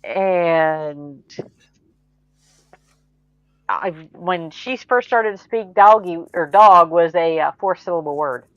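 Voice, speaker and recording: A woman sharing an anecdote in a relaxed conversational way. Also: on the low side, slow, long pauses, no room sound. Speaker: podcast co-host. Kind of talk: casual chat. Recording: dull lo-fi audio.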